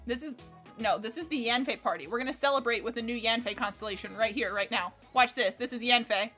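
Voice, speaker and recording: A young American woman streaming a game in casual chat, excitable, swearing freely and laughing often. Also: fairly high pitch, quick pace. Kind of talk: casual livestream gameplay chat. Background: faint game music.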